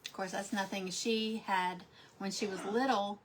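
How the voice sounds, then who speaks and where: A middle-aged woman chatting casually while she paints crafts, telling stories and often trailing into soft asides. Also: mid-range voice, steady tone, measured pace, a little hiss or hum. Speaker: crafting vlogger.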